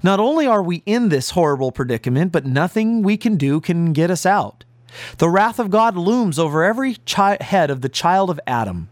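A man's voice: high-pitched, big pitch swings, moderate pace, no room sound. A man preaching an earnest, emphatic sermon as pastor. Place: broadcast to listeners at home and on the road.

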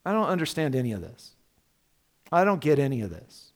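A male pastor preaching a sermon in an animated, conversational way, full of rhetorical questions. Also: mid-range voice, fairly quick, long reverb tail.

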